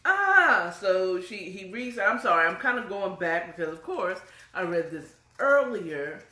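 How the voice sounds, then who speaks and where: A woman's voice: lowish voice, expressive, measured pace, bright, forceful tone. A woman casually retelling a romance novel chapter, chatty and full of fillers and self-corrections. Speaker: storyteller. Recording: echoey room.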